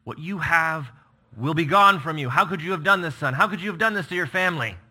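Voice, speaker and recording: A man voicing an angry king who scolds his son loudly. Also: on the high side, lively intonation, brisk, voice pushed up, exaggerated voice. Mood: furious. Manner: loud, scolding, accusing. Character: furious older king berating his son.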